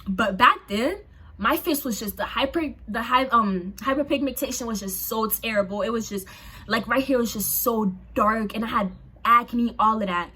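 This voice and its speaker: Husky young woman telling a story. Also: a little high, moderate pace. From Haitian family. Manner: chatty, animated, lots of "like" and asides to viewers. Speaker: storyteller vlogger. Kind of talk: casual storytime vlog.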